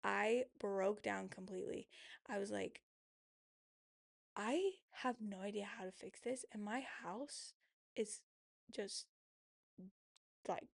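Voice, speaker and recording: A young woman in her twenties tells a personal story on her podcast, with strong gravelly vocal fry throughout. She sounds candid and emotional, scattering casual fillers as she goes. The sound is dry and close. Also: mid-range voice, slow, pauses often, dry recording. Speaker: podcast host.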